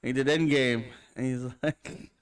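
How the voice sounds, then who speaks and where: A man with an ordinary mid-range voice co-hosts a casual talk show. He jumps in with quick jokes and reads the news items aloud. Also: mid-range voice, steady tone, smooth. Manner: joking, quick interjections. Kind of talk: casual chat.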